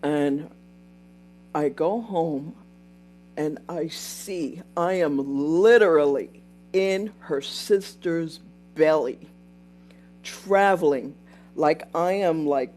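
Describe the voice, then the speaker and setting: Low-pitched and slow, with a darkish tone, an older woman hosts an informal livestream over slight background noise. She tells a chatty story, says things more than once, and interrupts herself to thank viewers and answer them.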